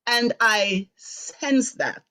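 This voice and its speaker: A middle-aged woman from Jamaica, hosting a live online talk show, recounts a family story at length. Her voice sits fairly high and swings widely as she quotes people and grows indignant. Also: drawn-out words. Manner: animated, acts out voices in quotes, rising to sharp indignation. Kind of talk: personal storytelling on a live stream.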